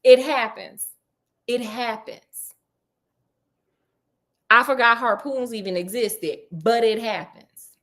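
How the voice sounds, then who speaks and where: A woman casually retelling a story with sassy, slangy remarks and deadpan asides. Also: on the high side, takes it slowly, long pauses.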